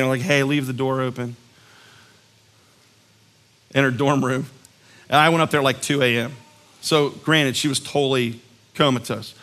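A man's voice: fairly high pitch, bright, forceful tone. A man preaching a sermon as a pastor, conversational and earnest, telling stories and acting out quotes with emphasis. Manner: conversational, storytelling with acted-out quotes.

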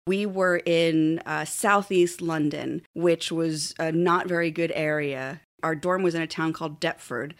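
Woman with a lowish voice telling a story. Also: fairly even intonation, a little slow, few pauses. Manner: rambling, laughs often. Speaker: guest storyteller. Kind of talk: casual storytelling on a comedy podcast.

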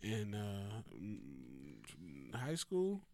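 A man's voice: on the low side, wildly swooping pitch, very slow, darkish tone, dry recording. A man on a podcast chatting casually in a blunt, teasing way and swearing freely.

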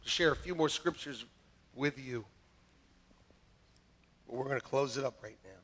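A man preaching a sermon to his church, joking and lively, then turning quietly earnest. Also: mid-range voice, a little slow. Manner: jokey and animated, swinging between loud punchlines and quiet earnest asides. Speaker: pastor. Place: church sanctuary with a congregation. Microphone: church sound system, live-streamed.

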